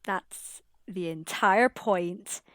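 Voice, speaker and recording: A woman's voice: medium pitch, drawn-out words, no echo. A woman playing in a tabletop game, giggly and theatrical as she plays her character. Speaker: player. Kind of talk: casual tabletop role-play.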